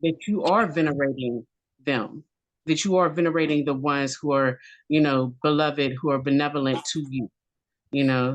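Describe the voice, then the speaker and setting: A woman on a conference panel speaking gently in rhythmic, repeated phrases of encouragement. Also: deep voice. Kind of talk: spiritual panel discussion.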